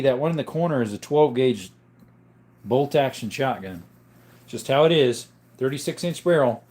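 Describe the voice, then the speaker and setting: A man hosting a live stream in casual chat, greeting viewers and reading their questions aloud, explaining things in a relaxed, rambling way. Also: medium pitch.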